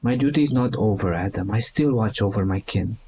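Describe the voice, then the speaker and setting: A man voicing the loyal spirit of a giant's hound, now a celestial being, speaking slowly and mournfully in a tabletop game. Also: lowish voice, dark tone, a little hiss or hum, lightly acted, poor audio. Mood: solemn. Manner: slow, solemn, mournful.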